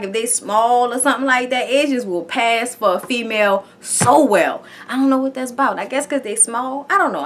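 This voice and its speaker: Brief: high, bright female vlogger, loose and profane in her TV recap. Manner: profane, chatty, tags lines with "okay?". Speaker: TV show reviewer. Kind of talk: casual reality-show recap.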